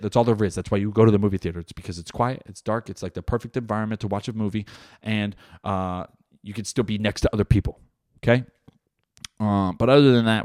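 A man's voice: lowish voice, dry recording, clean studio sound. A young man hosting his own podcast, chatting casually and rambling, with lots of swearing and filler words. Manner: profane, rambling, animated with many fillers. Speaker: podcast host; stand-up comedian. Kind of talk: casual solo podcast chat. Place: home room.

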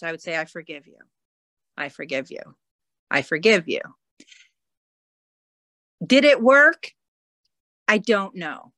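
A woman shares a personal story slowly, her words halting and repeating as she nears tears. Her voice is bright and forward, and the recording is dry and close. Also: mid-range voice, no room sound. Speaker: podcast guest.

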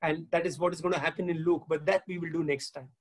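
Husky-voiced pastor preaching. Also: male voice, fairly high pitch, steady tone, fast, poor audio. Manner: engaging, asks the congregation questions; mixes in Hindi phrases. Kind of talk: sermon.

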